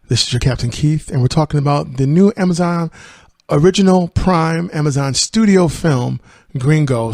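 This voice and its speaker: A man's voice: a little high, vocal fry, a little mellow, dry recording, studio quality. A man hosting a podcast, casually retelling and reviewing a film in a rambling way. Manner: rambling, with fillers and laughs. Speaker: podcast host.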